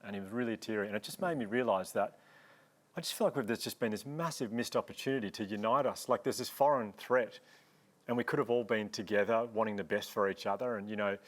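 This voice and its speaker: Fast-talking low-voiced man. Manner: quick, earnest storytelling. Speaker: panellist. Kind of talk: panel discussion, storytelling.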